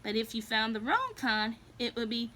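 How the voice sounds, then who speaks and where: A woman's voice: a little high, very animated, moderate pace, pushed and bright, a little hiss or hum. A woman voicing Thelma, a young female cat with wings who speaks in a cautious, motherly way. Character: bossy young female winged cat, the careful sister.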